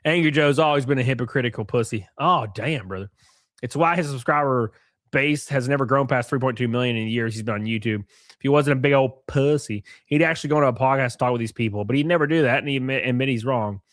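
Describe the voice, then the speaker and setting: A man's voice: mid-range voice, quick pace, no room sound, clean studio sound. A man live-streaming, reading posts aloud and ranting at them in a mocking, profane way while drinking. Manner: mocking, profane, animated rants.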